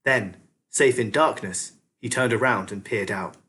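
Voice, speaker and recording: A man reading a children's novel aloud as a teacher, expressive storyteller. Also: on the low side, measured pace.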